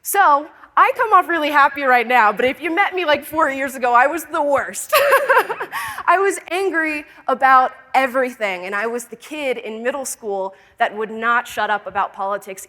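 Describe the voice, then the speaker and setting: A young woman from Florida giving a personal story talk at a conference, lively and often laughing. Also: medium pitch, big-room sound. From Florida, United States. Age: young adult. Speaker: conference speaker. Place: conference hall stage.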